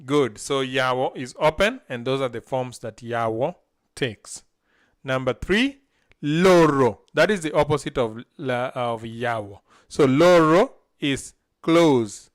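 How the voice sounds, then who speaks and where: A language teacher on a live stream drills vocabulary, pronouncing each word syllable by syllable and having a learner repeat it. His voice is medium-pitched, animated, and slow.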